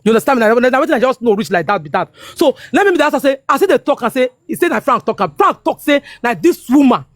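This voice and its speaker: In a dry, studio-quality recording, a Nigerian woman in her fifties talks fast in a high, expressive voice. Her casual Pidgin-laced English is heated and emphatic; she repeats herself and repeatedly asks "you understand me?" to make sure she's followed.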